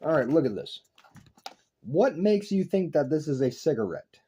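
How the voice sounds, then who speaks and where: A man's voice: fairly high pitch, sing-song, moderate pace, warm tone, husky, muffled recording. A young man lecturing his viewers in an intense, profane, repetitive philosophical rant to camera. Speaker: online video creator.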